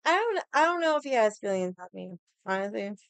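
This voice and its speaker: Speaking quickly in a sing-song, creaky mid-range voice that's still clear and resonant, a young adult woman vents to her stream. She swears plenty, sounds exasperated, and mocks others by putting on their voices. The recording is dry.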